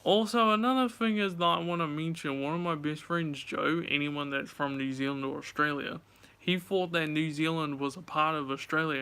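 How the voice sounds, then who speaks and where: A man's voice: fairly high pitch, bright, forceful tone, clear, resonant tone. A young man casually telling a story to his viewers, chatty, swearing and acting out both sides of a conversation. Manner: chatty, swears, retells dialogue animatedly. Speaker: vlogger.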